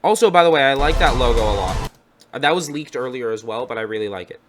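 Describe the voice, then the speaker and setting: Young male host, mid-pitched, casual and upbeat reaction chatter, self-correcting. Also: expressive, quick pace, faint music behind.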